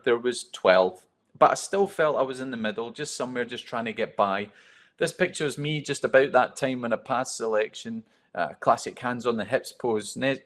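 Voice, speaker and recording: Guy doing a motivational talk, candid storytelling, pokes fun at himself, average pitch. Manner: storytelling, candid and self-deprecating. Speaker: keynote speaker. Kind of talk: motivational talk to a live audience.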